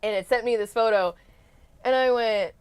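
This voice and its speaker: A woman's voice: a little high, moderate pace, clean tone. A woman co-hosting a casual live-stream chat, blunt and swearing as she tells stories. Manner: blunt, swears, animated storytelling. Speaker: podcast co-host.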